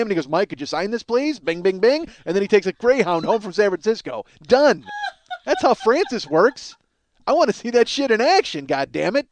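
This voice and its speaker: A man telling a rambling, profane story as a podcast host, acting out what others said. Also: sits high. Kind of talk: casual storytelling monologue.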